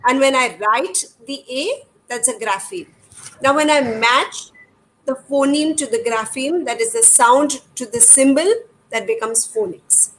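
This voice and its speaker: High-voiced Indian woman teaching parents. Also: a little slow, fairly bright tone, rough recording. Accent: Indian English. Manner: patient, demonstrative, asks rhetorical questions. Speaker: educator. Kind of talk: explanatory talk to parents. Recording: faint background noise.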